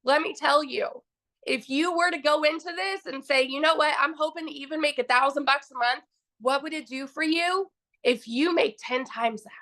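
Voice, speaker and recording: Woman, high voice, bright ringing tone, gushing testimonial, emphatic repetition. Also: moderate pace. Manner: gushing, emphatic, repeats key phrases. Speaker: customer giving a testimonial. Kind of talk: excited personal success story.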